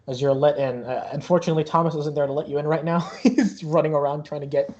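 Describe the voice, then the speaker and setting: A man's voice: fairly high pitch, fairly even intonation, quick pace, darkish tone, lo-fi sound. A young man narrating as game master, rambling with many fillers and restarts.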